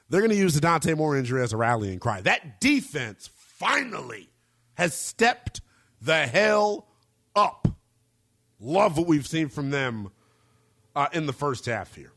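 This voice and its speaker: A man hosting a college sports radio show, talking with big swoops in pitch and slangy emphasis. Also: fairly bright tone, no echo, studio quality. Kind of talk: energetic sports talk radio.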